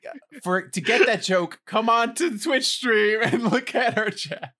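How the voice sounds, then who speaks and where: A woman's voice: a little high, measured pace, fairly bright tone. A woman hosting a casual livestream quiz, teasing and giggly. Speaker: quiz host.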